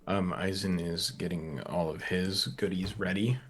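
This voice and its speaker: A man playing a tabletop game, laying out plans in character in a deliberate way. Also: sits low, fairly even intonation, faint music behind. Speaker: player.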